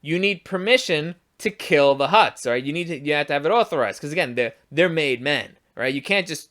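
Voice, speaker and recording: A man's voice: fairly high pitch, lively intonation, a little fast, a bit bright. Profane, rambling man ranting a review. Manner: rambling, profane, restarts often; exasperated, ranting. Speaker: show reviewer. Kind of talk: casual spoken review.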